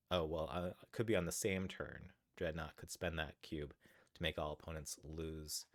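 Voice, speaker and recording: A man's voice: sits low, no echo, studio quality. A man streaming board games, greeting viewers and thinking aloud about his moves in casual chat. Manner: chatty, thinks aloud over game moves. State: a little out of breath at times. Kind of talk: casual live-stream chat while playing.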